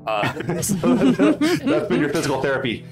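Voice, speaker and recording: A man's voice: fairly high pitch, huge pitch swings, unhurried, over loud music. A man narrating a tabletop game as game master in a casual, rambling way with lots of fillers.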